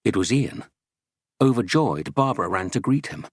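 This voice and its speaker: A man narrating an audiobook in a steady, dramatic storytelling manner, close to a studio mic. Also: medium pitch, moderate pace, dry recording.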